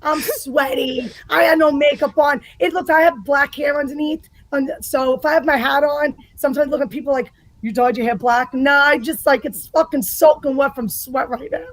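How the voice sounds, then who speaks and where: A woman from the New York area, a guest on a podcast, talking in a blunt, profane and forceful way. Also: high voice, fairly even intonation, moderate pace, few pauses, no echo, rough recording. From United States. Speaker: guest, political ranter. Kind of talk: casual podcast chat.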